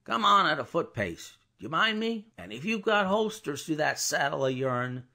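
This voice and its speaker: A man voicing a gruff, suspicious male coach guard who bellows his challenges. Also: fairly high pitch, sing-song, moderate pace, voice pushed up, heavily acted. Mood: threatening. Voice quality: gruff, loud, blustering.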